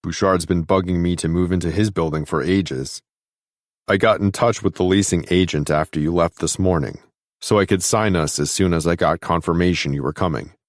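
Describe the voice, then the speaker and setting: A male audiobook narrator voicing a gentle, reassuring young man on the phone. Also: deep voice, normal speed, no room sound, clean studio sound, natural voice. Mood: warm. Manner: soft, reassuring. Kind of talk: audiobook dialogue.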